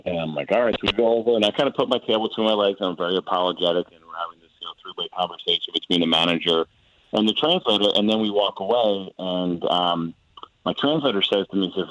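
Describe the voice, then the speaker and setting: A former pitcher in his forties, a man telling a long story in a relaxed way on a sports radio show, with quoted back-and-forth dialogue. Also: quick pace, no room sound, highs cut off. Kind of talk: casual sports radio chat.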